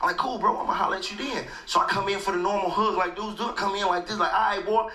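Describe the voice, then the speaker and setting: Very high-pitched guy doing stand-up, acting out both sides, echoey room with a loud crowd laughing. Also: very fast. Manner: animated, laughs through his lines, acts out both sides. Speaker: stand-up comedian. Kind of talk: stand-up storytelling. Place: comedy stage before a live audience. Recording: roomy venue with loud audience laughter.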